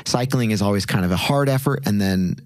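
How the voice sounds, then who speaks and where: A man's voice: lowish voice, brisk, a little mellow, dry recording. A man in his thirties, a podcast guest, talking in an earnest, reflective way with lots of fillers and restarts. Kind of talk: casual interview talk.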